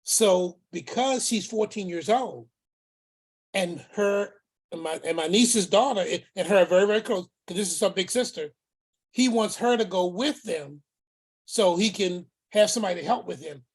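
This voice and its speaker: Husky man telling a story with emphatic repetition. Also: high-pitched, normal speed. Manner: acts out the voices in his story, repeats words for emphasis. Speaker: uncle telling a family story. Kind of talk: storytelling talk.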